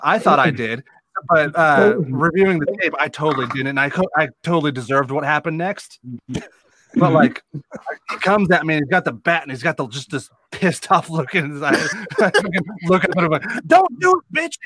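A man's voice: a little high, moderate pace, sharp tone. A man, a wrestler, telling stories in a rowdy casual chat and swearing freely. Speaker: guest, wrestler. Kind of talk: casual storytelling.

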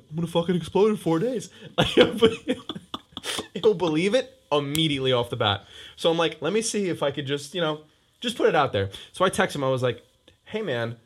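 A young man and podcast co-host in a casual chat, teasing and laughing as he tells about a prank. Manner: teasing, laughing, lively pitch.

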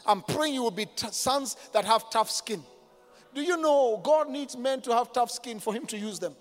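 A man preaching a sermon as a pastor, moving from loud declarations to hushed intensity and calling on the congregation to respond. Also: extremely high pitch, lively intonation, moderate pace. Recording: long hall reverb with faint music behind.

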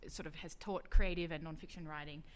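Woman, lowish voice, halting, umming, casual radio chat. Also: steady tone. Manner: hesitant, many ums and restarts. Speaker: book show co-host.

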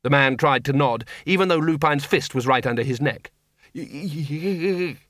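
A man narrating an audiobook with a wry, expressive reading. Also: medium pitch, brisk, dry recording, studio quality.

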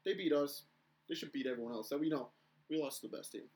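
A young man co-hosting a casual podcast chat, telling stories in an animated way and acting out the shouting. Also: fairly high pitch, fast talker. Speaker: podcast co-host.

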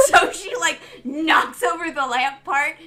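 Give me a giggly woman game master with a bright, highish voice. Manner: giggly, chatty, quick to laugh. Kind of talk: narrating a tabletop game.

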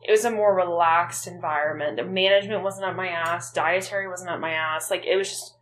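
A woman's voice: fairly low pitch, steady tone, a little fast, fairly bright tone, slight background noise. A woman co-hosting a podcast in casual chat, talking candidly and bluntly and swearing freely. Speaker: podcast co-host.

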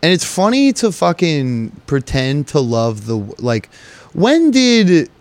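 Guy riffing alone on his own podcast, swears a lot, jokey, mid-pitched voice, dry close mic. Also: sing-song, a little slow, dry recording. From United States. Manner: profane, rambling, joking. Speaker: podcast host. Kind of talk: casual solo podcast monologue.

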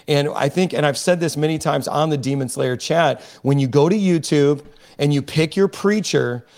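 An emphatic, preachy man making his case on a podcast, restarting sentences as he pushes on. His voice sits a little high for a man. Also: moderate pace, a little mellow. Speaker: podcast guest. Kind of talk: impassioned podcast discussion.

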